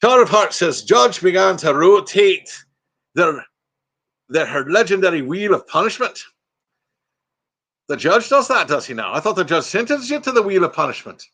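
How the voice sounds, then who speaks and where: An older man with a Texan accent hosts a relaxed live chat, tossing out jokes and silly bits as he reads the comments. His voice leaps up and down with plenty of life, sitting a touch high for a man. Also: normal speed, pauses often. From Texas. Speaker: livestream host.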